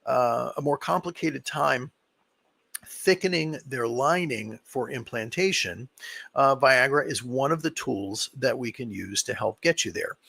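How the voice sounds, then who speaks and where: A man who works as a fertility doctor talks viewers through their questions on a live stream. His voice is gravelly with a husky edge. He is relaxed and tired, with plenty of "um"s, and is recorded dry and close. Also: mid-range voice, unhurried, dry recording. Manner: relaxed and explanatory, with many fillers. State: tired, yawning.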